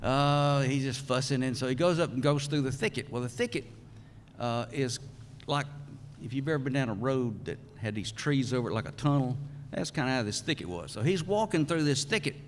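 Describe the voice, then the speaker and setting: An older man, giving a folksy, halting acceptance speech as a hall of fame inductee. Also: medium pitch, animated, a little hiss or hum. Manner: folksy, halting storyteller with many pauses. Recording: long reverb of a large hall.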